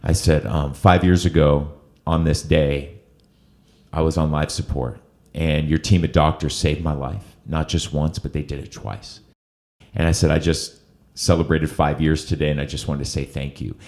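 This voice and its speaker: A man's voice: extremely low pitch, fairly even intonation, normal speed, gravelly, darkish tone. A middle-aged man hosting an interview, telling a personal story in an earnest, emotional way. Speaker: host.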